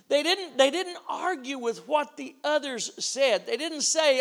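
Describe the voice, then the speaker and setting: A middle-aged preacher with a high, gravelly voice delivers his sermon as an animated storyteller. He acts out the back-and-forth of his story. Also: unhurried, hardly any pauses. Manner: animated storyteller, acting out dialogue.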